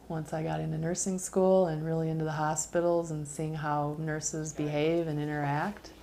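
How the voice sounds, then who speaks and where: A woman with a low voice speaks candidly in a documentary interview. She is a nursing student and reflects on her experience with casual asides. A faint hiss sits behind her. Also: level tone, moderate pace, dark tone.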